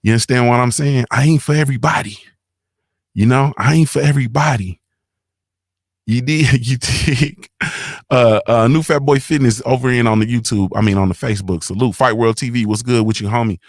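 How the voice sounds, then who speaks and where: A man hosting a casual morning livestream from his home, speaking in a laid-back, slangy way as he shouts out his viewers. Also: medium pitch, fairly quick, dry recording, clean studio sound. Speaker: morning show host.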